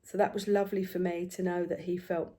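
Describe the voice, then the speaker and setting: An older woman, chatting casually about family while she stitches at home, telling stories with lively swings and quiet hushed asides. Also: on the low side, a little fast. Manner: chatty, animated storytelling, dropping to hushed asides. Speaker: craft vlogger.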